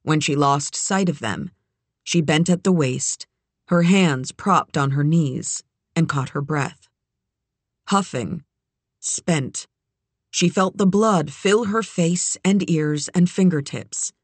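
A woman narrating a novel in a measured, even storytelling manner. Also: low voice, husky, dry recording. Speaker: audiobook narrator. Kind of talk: scripted narration.

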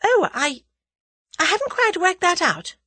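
A woman's voice: very high-pitched, sing-song, pushed and bright, no echo, voice pushed up, full character voice. Woman playing a snappish, spirited young woman. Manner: brisk, snappish. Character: spirited young Englishwoman, proud and frank.

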